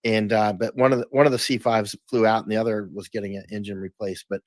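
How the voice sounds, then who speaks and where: A man's voice: on the low side, little pitch movement, fast talker, a little mellow, no room sound. A man talking as an interview guest, emphatic, often restarting and repeating words. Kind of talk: casual interview talk.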